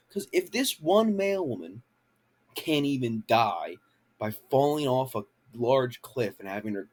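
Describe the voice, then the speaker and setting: Young man, husky voice, animated rambling rant, casual vlog, handheld camera. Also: medium pitch. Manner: animated, swearing, rambling with many fillers. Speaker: vlogger. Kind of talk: casual ranting review.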